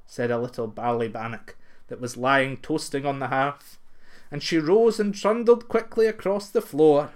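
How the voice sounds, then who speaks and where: A man narrating a folktale in an expressive, lilting way. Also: medium pitch, normal speed. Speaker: storyteller.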